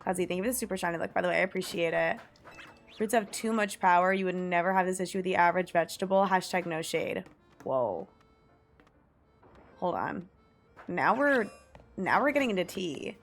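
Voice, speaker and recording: Faint music plays behind this young female streamer as she muses aloud in casual live-stream chat, reading out search results and laughing often. She speaks on the low side, a little quickly, pausing often.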